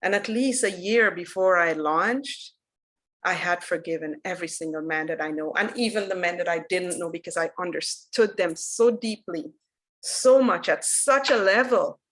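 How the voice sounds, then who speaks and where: A woman giving a dharma talk as a spiritual teacher, telling a story in an earnest, unhurried way that drops soft for solemn moments. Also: on the low side, poor audio.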